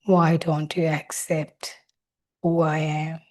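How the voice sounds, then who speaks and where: A woman's voice: low voice, flat delivery, slow pace, a little mellow. A woman speaking as her listener's hurt, neglected inner child, asking one reproachful question after another. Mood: pleading.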